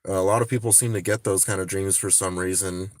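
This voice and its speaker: A man's voice: low-pitched, steady tone, fast talker, no room sound, clean studio sound. A man chatting casually on a phone livestream, rambling with many restarts and frequent swearing.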